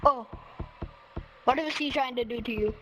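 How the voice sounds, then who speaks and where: High-voiced excitable woman gamer, noisy capture. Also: normal speed. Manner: excitable, dramatic, with sudden shouts. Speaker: gamer making a VR game movie. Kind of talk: playful in-game role-play. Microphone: VR headset mic.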